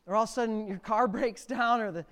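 A middle-aged male pastor preaching a sermon, swinging from quiet reading to near-shouted emphasis. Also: high-pitched, fast. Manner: preaching with sudden loud rises to near shouting.

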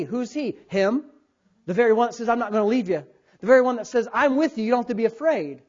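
In a dull, lo-fi recording, a man in his thirties preaches a sermon as a pastor, his voice extremely high and his delivery fast. He preaches with animation, acting out the voice of God and calling on the congregation to answer.

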